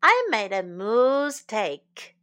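Stubborn cartoony moose guy, woman reading it, insists loudly, high and bright. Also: sing-song, slow pace, exaggerated voice. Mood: insistent. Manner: insistent, emphatic. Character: stubborn male moose, sure of himself.

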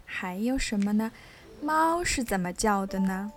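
A woman hosting a children's English reading show, reading a picture book aloud with a child in English and Chinese and stretching out her questions slowly to coax answers. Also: medium pitch, animated, very noisy. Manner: switches between English and Chinese.

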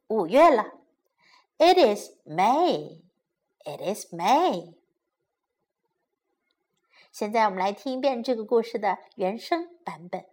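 A woman teaching English vocabulary to children, slowly repeating words and phrases. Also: mid-range voice, big pitch swings, a little mellow. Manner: slow repetitive drilling. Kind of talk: bilingual vocabulary lesson.

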